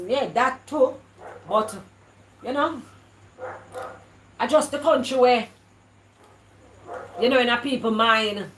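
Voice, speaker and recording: A woman's voice: medium pitch, echoey room, slight background noise, low-quality recording. A Jamaican woman from Jamaica chatting casually to her live viewers, slipping into patois and often stumbling over and repeating her words. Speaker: vlogger. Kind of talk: casual live-stream chat.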